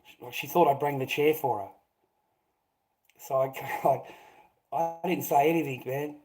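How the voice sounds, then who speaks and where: A man's voice: medium pitch, fairly even intonation, unhurried, darkish tone, a little hiss or hum, low-quality recording. A middle-aged Australian man telling a rambling anecdote, swearing often and filling gaps with "rah, rah".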